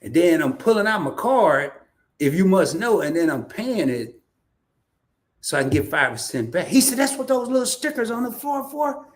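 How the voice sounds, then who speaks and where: Guy from arkansas, high lively voice, chatty stream host, laughs and stumbles through his stories. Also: normal speed. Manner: animated storytelling with laughs and repeated restarts. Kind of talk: casual livestream chat.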